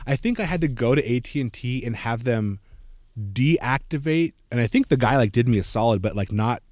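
A man's voice: medium pitch, lively intonation, brisk, darkish tone, dry recording, studio quality. An American man in his thirties, a podcast host, tells a story in casual chat, acting out quoted voices with many "like" fillers. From United States. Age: 30s.

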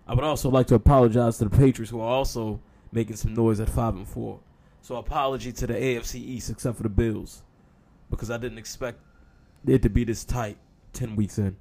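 Man, sports show host, gravelly voice, sarcastic, casual, mid pitch. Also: steady tone, fairly quick, mellow. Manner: sarcastic, mock-apologetic, uses y'all.

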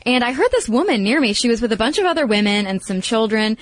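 A woman's voice: on the high side, expressive, fast talker, no room sound. A woman co-hosting a podcast, chatting and telling anecdotes with frequent restarts. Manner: chatty, storytelling, hesitant restarts. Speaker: podcast co-host. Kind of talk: casual conversational podcast.

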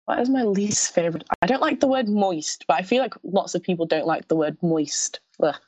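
A woman's voice: on the low side, brisk, a little mellow, no room sound. A young woman from Scotland with a mild lisp, chatting as a pageant contestant in a casual interview and often restarting her sentences. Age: young adult. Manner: chatty, giggly, lots of restarts.

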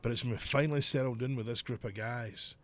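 A man's voice: medium pitch, fairly even intonation, quick pace. A middle-aged man, a podcast host and former wrestler, telling stories in casual chat, swearing freely and laughing often. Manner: profane, laughs often, storytelling.

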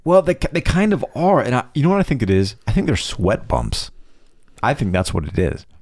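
A man's voice: mid-range voice, big pitch swings, brisk, darkish tone, no room sound. Laid-back teasing man, dry close sound. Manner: easygoing, teasing, laughs often. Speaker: podcast co-host. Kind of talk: casual chat.

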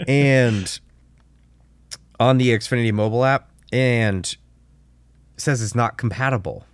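A man co-hosting a casual podcast, telling a story in an animated way, acting out dialogue and swearing. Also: mid-range voice, takes it slowly, clean tone, no room sound. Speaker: podcast co-host.

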